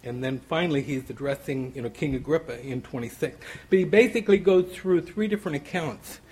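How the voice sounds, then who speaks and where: Going verse by verse through a Bible passage, this man talks casually, dropping frequent "you know" asides and restarting or repeating words while he thinks out loud. His voice is a little high, husky, and somewhat dark in tone, his pace fairly quick, and the recording rough.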